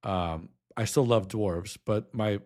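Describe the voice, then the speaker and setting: A man's voice: fairly low pitch, slow pace, darkish tone. A young adult man streaming, reacting with emotion, choked up and nostalgic, humming a melody now and then.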